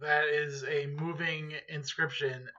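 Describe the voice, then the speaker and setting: Bright-voiced man cohosting a podcast. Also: a little high, little pitch movement, slow, dull audio. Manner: joking, rambling, swears casually. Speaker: podcast co-host. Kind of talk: casual chat.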